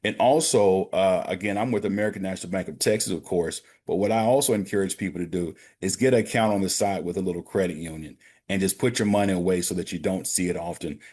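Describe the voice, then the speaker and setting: A man who works as a banker, giving a practical financial literacy talk on a prayer call and speaking directly to his listeners as gentlemen and brothers. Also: sits low, fast.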